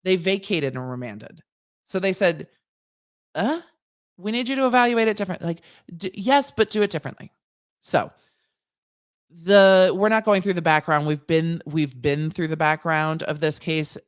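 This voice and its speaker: A woman's voice: low voice, unhurried. A woman lawyer hosting a casual legal commentary livestream, chatty and digressive, laughing at her own jokes.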